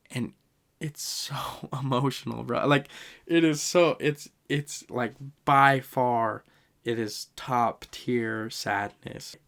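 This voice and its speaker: Young male podcast host, slight fry, mid pitch, animated and emotional. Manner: animated, emotional retelling with laughs. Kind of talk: casual podcast ranking.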